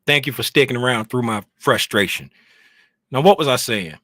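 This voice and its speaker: A man casually walking through a chart on a screen share, thinking out loud and talking to himself in a chatty, animated way. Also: mid-range voice, moderate pace, no room sound, clean studio sound. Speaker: trading educator.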